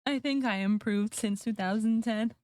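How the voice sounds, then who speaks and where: A woman's voice: fairly high pitch, moderate pace, a little mellow, no echo. A woman streamer chatting casually with her viewers, laughing often and mocking herself. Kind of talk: casual livestream chat.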